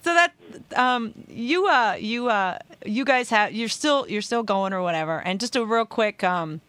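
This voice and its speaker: A woman radio host asking questions in a casual interview, chatty and quick to laugh. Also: a little high, expressive, a bit bright, dry recording. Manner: chatty, giggly, eager questions.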